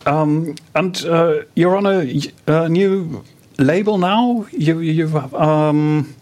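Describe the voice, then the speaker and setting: Man interviewer with halting questions. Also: fairly high pitch, a little mellow.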